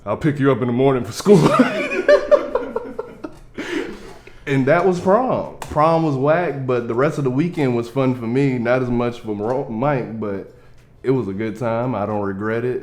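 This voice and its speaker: A young man spins a comedic story, switching into different voices for each quoted line. His talk is loose, lively and conversational, with a medium pitch. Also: normal speed. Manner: animated, acts out quoted lines in different voices.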